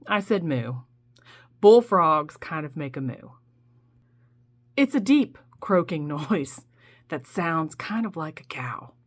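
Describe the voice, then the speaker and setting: A woman hosting a playful comic nature monologue, coaxing listeners and imitating owl, wolf and bullfrog calls. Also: lowish voice. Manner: playful, mimics animal calls. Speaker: nature show host.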